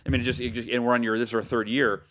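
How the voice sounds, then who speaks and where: A man from the United States, an author, telling stories as a podcast guest in an animated way, with lots of fillers and restarts. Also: mid-range voice, rapid-fire. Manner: animated, loose talk with many fillers and self-corrections. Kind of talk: casual storytelling interview.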